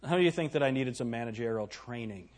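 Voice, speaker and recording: A man's voice: mid-range voice, expressive, quick pace. A middle-aged man preaching a sermon in a church, throwing rhetorical questions at the congregation. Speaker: pastor.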